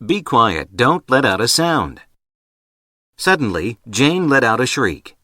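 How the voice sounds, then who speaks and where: A man reading example sentences for an English lesson in a careful, even read. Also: medium pitch, slow pace, no room sound, clean studio sound.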